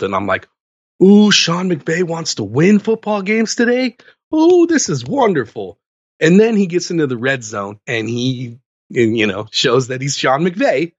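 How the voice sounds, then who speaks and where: A man's voice: mid-range voice, no echo, highs cut off. A man co-hosting a sports podcast in casual chat, telling stories and ranting with lots of energy. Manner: animated ranting storyteller. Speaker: podcast co-host.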